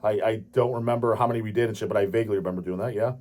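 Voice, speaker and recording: A man's voice: lowish voice, steady tone, rapid-fire, a little mellow. A man in his late thirties hosting his own channel, answering viewer questions in a crude, profane, dismissive rant. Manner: crude, swearing, dismissive ranting. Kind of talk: profane ranting casual talk.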